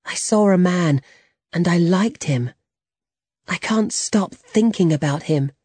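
A storybook narrator voicing a troubled young woman in a slow, soft, pleading voice. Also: mid-range voice, slightly rough, no room sound.

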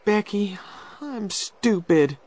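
A man's voice: sits high, expressive, slow, a little mellow, slight background noise, voice pushed up. A man voicing a young boy who leads a girl through a cave, urgent and reassuring, in a storybook reading.

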